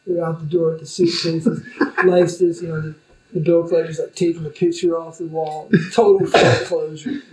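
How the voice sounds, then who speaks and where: A man's voice: on the high side, a little mellow, roomy sound, rough recording. A man who is a spiritual teacher, talking informally in loose, rambling speech with many fillers. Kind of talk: informal conversation.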